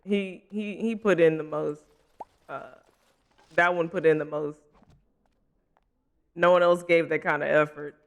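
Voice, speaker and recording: Male streamer, high lively voice, giggly, chatty, gravelly edge. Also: unhurried, long pauses. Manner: giggly, chatty with viewers, laughs often. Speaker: livestreamer. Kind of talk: casual gaming stream chat.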